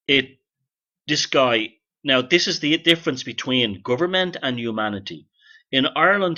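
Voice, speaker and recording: A man's voice: mid-range voice, pushed and bright, dull audio. A man hosting a solo podcast, rambling and sardonic, with casual swearing. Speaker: host.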